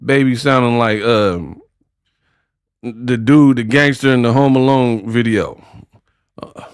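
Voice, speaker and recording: Heard first is a man who talks slowly, sitting in dry, close-miked sound. He jokes, laughs often and trades slangy banter with his chat. It is a casual live-stream commentary. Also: medium pitch, clear, resonant tone, no room sound.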